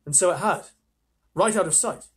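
A man reading a children's story aloud on a live stream, chatty, with playful asides, his voice slightly husky. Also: high voice, moderate pace, a bit bright.

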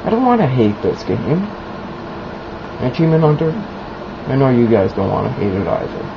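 A man's voice: medium pitch, very animated, moderate pace, gravelly. A young man giving casual, mock-serious commentary over his own video game play. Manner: mock-serious, then loud and giddy. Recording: lo-fi, noisy home recording.

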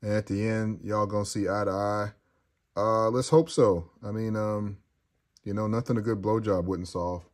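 A man's voice: lowish voice, fairly even intonation, moderate pace. A man casually chatting as a host while reading viewer comments, joking crudely and rambling. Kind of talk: casual livestream chat.

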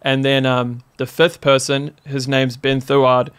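Animated New Zealand man telling a story. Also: mid-range voice, measured pace, smooth. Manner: animated, laughing often, peppered with "like". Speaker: podcast guest. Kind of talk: casual storytelling.

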